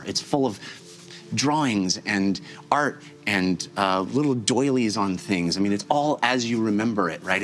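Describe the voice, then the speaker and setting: A man narrating a tabletop game as game master, descriptive and halting. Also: on the low side, fairly bright tone. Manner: halting, descriptive, many fillers and restarts.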